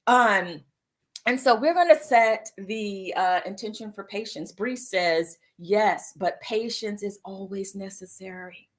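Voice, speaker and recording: A woman's voice: mid-range voice, slow pace. Playful woman hosting a live mindfulness chat. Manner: playful and animated, reads viewer comments aloud, frequent "right?" and "y'all"; laughs easily and slips into exaggerated voices for asides. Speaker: host of a live mindfulness show. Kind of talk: casual live-stream talk about setting an intention.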